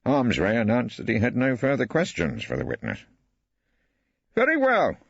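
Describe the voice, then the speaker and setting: Husky male audiobook narrator. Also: fairly low pitch, big pitch swings, brisk, dry recording. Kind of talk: first-person scripted narration. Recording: dry, slightly dull studio.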